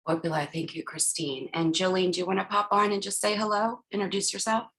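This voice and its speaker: A woman's voice: medium pitch, level tone, brisk, fairly bright tone. A woman moderating a panel on a video call, upbeat and friendly as she introduces each guest.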